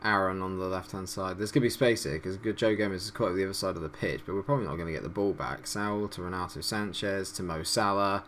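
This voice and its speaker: A young man commentating on his own management game, excitable and quick to swear in frustration. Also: sits low, slight background noise. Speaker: gaming YouTuber. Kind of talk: let's-play commentary.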